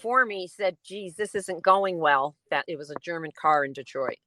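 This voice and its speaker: A woman guest on a podcast, telling stories in an animated, playful way. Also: on the low side, normal speed, no echo. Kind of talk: casual chat.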